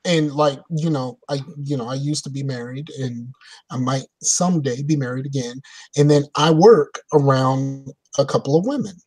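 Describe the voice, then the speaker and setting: A man chatting on a podcast at an ordinary pitch. He builds his stories emphatically, repeating phrases to land the point. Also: normal speed, a little mellow. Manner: emphatic storyteller, repeats for effect. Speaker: podcast guest. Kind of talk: casual chat.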